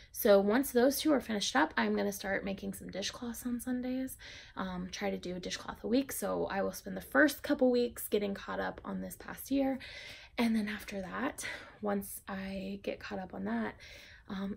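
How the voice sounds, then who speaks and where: A young woman hosting a knitting podcast, chatting casually about her projects with lots of ums. She sounds a little out of breath and often drops her voice to a soft near-whisper. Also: medium pitch, vocal fry, breathy edge. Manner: chatty, rambling with many ums.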